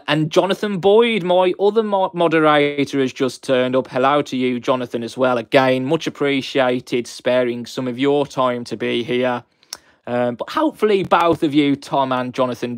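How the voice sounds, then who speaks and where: A man's voice: medium pitch, no echo. Young black country guy doing a live stream, greets everyone by name, gushes a lot, dry close sound. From West Midlands, England. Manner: chatty, greets viewers by name, effusive. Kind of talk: live stream chat with viewers.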